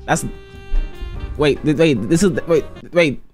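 Excitable rambling male reaction host. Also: on the high side, a little slow, soft background music. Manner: excitable, rambling, talks to viewers. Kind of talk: casual reaction commentary.

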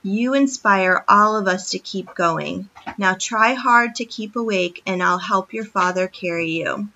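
A woman reading a story plays a kind pioneer man who speaks slowly and earnestly. His words are encouraging, in a bright voice. The recording is dull and lo-fi. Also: mid-range voice, a little hiss or hum.

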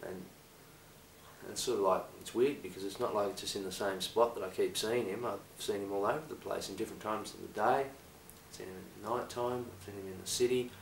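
A man from Australia speaking in a hesitant, halting way, full of fillers and restarts. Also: fairly low pitch, steady tone, gravelly, a little hiss or hum. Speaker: improvising actor. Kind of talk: improvised confessional monologue. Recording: echoey room, voice distant from the mic.

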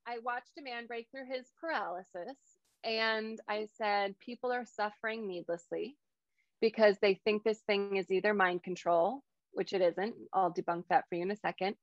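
She is a hypnotherapist in her thirties, a guest speaker telling a personal story over a video call and voicing the lines she quotes. Her mid-range voice moves at a moderate pace, and the audio sounds dull, with no room sound.

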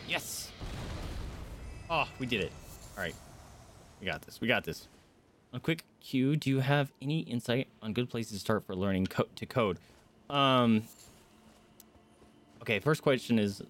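Animated streamer man yelping at his game. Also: mid-range voice, a little slow, pauses often. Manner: rambling, jumps to startled yelps and shouts. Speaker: gaming streamer. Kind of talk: live gameplay commentary.

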